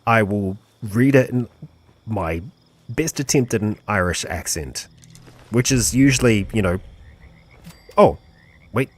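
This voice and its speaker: A man's voice: fairly low pitch, slow, long pauses, dry recording. A man streaming a game live, commentating and cheering on his companion.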